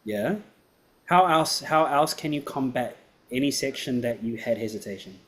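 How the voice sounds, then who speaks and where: A man's voice: medium pitch, moderate pace. A man teaching piano, giving a student encouraging feedback in a performance class and often checking that he is understood.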